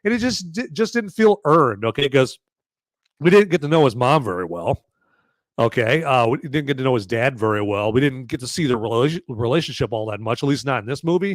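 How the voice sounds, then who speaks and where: A man's voice: mid-range voice, animated, fairly quick, no room sound, clean studio sound. A man hosting a live movie review podcast, talking casually and sarcastically with many fillers and frequent "okay?" checks to his chat.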